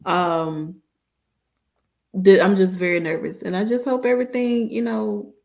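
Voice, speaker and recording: Woman, co-host, laid-back wrestling chat, mid pitch, conversational. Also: measured pace, creaky. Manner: relaxed, lots of "you know what I'm saying" and agreeing hums. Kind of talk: casual post-show chat.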